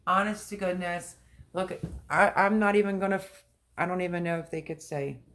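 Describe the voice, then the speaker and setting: A woman's voice: fairly low pitch, steady tone, normal speed, fairly bright tone. A middle-aged woman hosting a casual livestream chat from home, talking in a candid, emotional and rambling way and repeating herself. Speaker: livestream host. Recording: echoey room.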